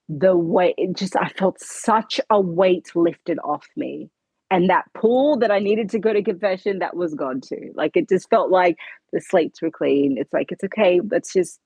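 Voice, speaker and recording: Woman guest, husky low voice, halting emotional testimony, dry sound. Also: a little mellow, no echo, dull audio. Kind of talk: personal testimony interview.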